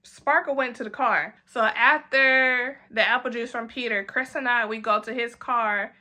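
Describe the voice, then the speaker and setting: Young woman, high and bright, animated storytime vlogger. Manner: animated, acts out friends' lines in quick quoted voices. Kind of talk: storytime vlog.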